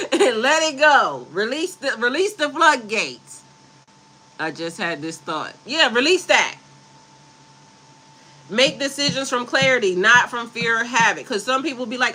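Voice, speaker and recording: A woman's voice: high-pitched, expressive, normal speed, pushed and bright, low-quality recording. A woman spiritual coach talking casually on a livestream, reading affirmations and breaking into blunt, profane asides.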